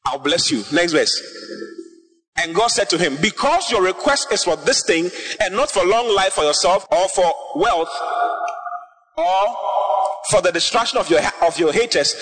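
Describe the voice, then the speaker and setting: A man preaching a sermon, impassioned, rising to shouts and sung phrases as he reads and explains scripture. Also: sits high. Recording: long hall reverb, faint music.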